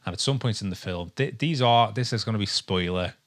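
Deep-voiced rambling male podcaster. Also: fairly quick. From England. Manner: rambling and hesitant, lots of ums. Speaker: podcast co-host. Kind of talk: casual chat.

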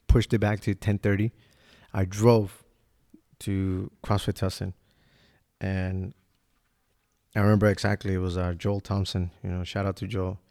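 A man's voice: lowish voice, vocal fry, dark tone. A man hosting a podcast, telling a personal story in a casual, profane, laid-back way and acting out what people said. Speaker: podcast host.

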